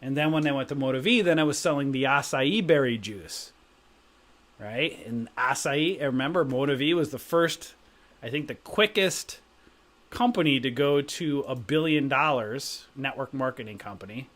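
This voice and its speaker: A man's voice: medium pitch, moderate pace, a bit bright. A middle-aged man hosting a live stream, telling rambling anecdotes in casual chat and often asking "right?". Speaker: stock trading stream host.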